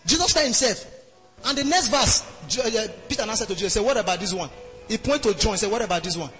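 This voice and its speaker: High-pitched preacher man in an echoing hall. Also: lively intonation, quick pace, faint music behind. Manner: call-and-response preaching, sing-song cadence, bursts of shouting. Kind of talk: sermon. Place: church hall.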